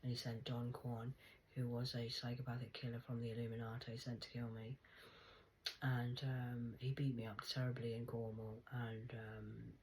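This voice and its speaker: A woman's voice: very deep voice, normal speed, slight background noise, rough recording. Woman, middle-aged, rambling story vlog, swears a lot, very blunt. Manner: acts out quoted dialogue in lively voices. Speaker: vlogger. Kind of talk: casual monologue storytelling.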